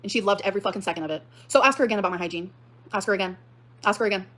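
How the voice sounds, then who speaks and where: Fast-talking heated young woman ranting. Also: mid-range voice. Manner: fast, heated, profane, swings to shouting. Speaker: livestreamer reading and reacting to a post. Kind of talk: emotional livestream rant.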